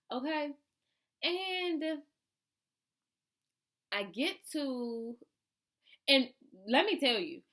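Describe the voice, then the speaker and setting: A woman telling a casual storytime to her followers, chatty and animated, acting out her own reactions. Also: mid-range voice. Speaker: vlogger.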